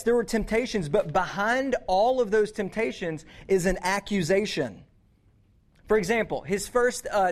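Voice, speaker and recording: A man giving a youth sermon, casual and conversational, with frequent restarts and slang. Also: high voice. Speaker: youth pastor.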